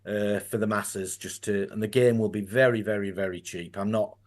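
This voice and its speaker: A man's voice: lowish voice, fairly even intonation, normal speed. A man with a Yorkshire accent talking as a guest in a casual conversation, earnest and rambling, often restarting his sentences.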